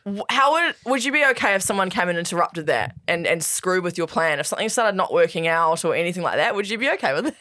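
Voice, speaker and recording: A woman's voice: on the low side, animated, fast, hardly any pauses, bright, forceful tone, dry recording. A woman chatting casually as a podcast co-host, teasing and playfully probing. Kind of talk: casual chat.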